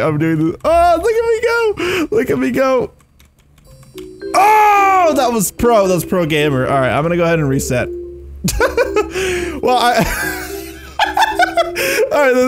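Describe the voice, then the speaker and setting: Excitable male gaming host, jokey and animated, game music playing under him. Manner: excitable, jokey, bursts into laughter and high yelps. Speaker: gaming YouTuber. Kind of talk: casual gameplay commentary.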